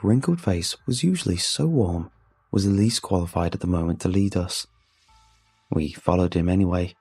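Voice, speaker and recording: Deep, gravelly male horror narrator. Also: mellow. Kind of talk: first-person horror story narration.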